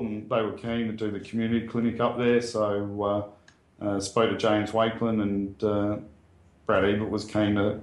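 An Australian man speaks in a plain, earnest, conversational way, often pausing with ums and restarting sentences. His voice sits a little low, and the room around him rings with echo. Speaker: guest sharing a bushfire story. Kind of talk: casual spoken recollection. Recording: roomy echo.

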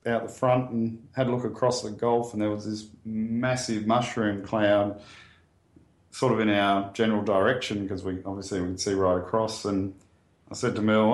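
Earnest Australian man, low and roomy. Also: little pitch movement, normal speed. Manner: plain-spoken and earnest, with frequent ums and restarts. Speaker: guest sharing a bushfire story. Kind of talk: casual spoken recollection. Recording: roomy echo.

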